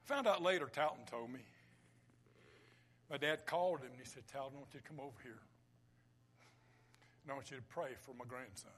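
A man preaching a sermon, swinging between loud declarations and hushed whispers. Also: mid-range voice, a little fast, long pauses.

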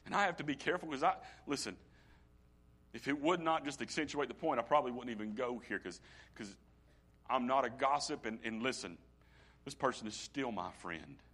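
A middle-aged pastor with a mid-range voice preaches a sermon, moving between hushed, almost whispered lines and loud, ringing ones. He slows down to draw out key phrases for emphasis.

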